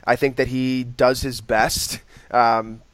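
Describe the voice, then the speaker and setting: A young man talks football on a casual podcast, opinionated but hedging with fillers. His voice is mid-pitched and recorded dry and close. He speaks plainly, straight to his co-host. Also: little pitch movement, slow, a bit bright, no echo. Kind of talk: casual sports podcast chat.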